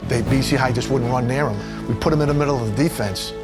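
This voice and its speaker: A man who coached high school football, telling stories in an emphatic documentary interview. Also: quick pace, over music.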